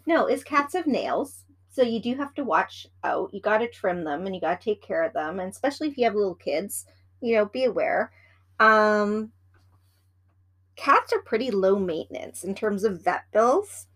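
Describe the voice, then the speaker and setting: A woman's voice: mid-range voice, big pitch swings, moderate pace, a bit bright. A woman co-hosting a casual chat, rambling and teasing as she gives practical advice about pets. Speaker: podcast co-host.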